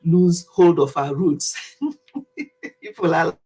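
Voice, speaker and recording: A woman's voice: on the low side, sing-song, drawn-out words, dark tone, slightly rough. A Nigerian woman in her fifties, chatting animatedly to camera in a casual vlog monologue and laughing easily. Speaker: vlogger.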